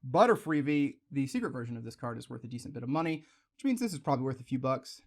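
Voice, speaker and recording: A young man with a mid-pitched voice chats casually while opening card packs. He drifts through rambling asides and breaks into excited exclamations over the shiny pulls. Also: fast. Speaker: card-opening video host. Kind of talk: casual pack-opening chat.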